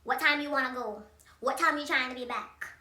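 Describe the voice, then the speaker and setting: Woman voicing a suspicious mum, bright and high, grilling her kid; echoey room. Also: a little fast. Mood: interrogating. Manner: curt, interrogating. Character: strict, suspicious Trinidadian mother.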